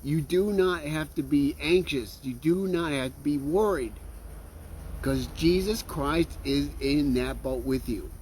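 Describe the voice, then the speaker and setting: In an unhurried, somewhat mellow voice on the high side, a man preaches with sincerity over a faint hiss or hum. Frequent "okay?" and "right?" check-ins punctuate his sermon, and he often starts his phrases over.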